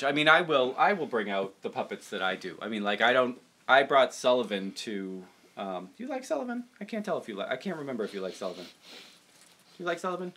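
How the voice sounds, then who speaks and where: A young puppeteer from the Boston area hosts a casual livestream chat, his medium-pitched voice bright, forceful, and swinging widely in pitch. He rambles, pokes fun at himself, and readily jumps into voices.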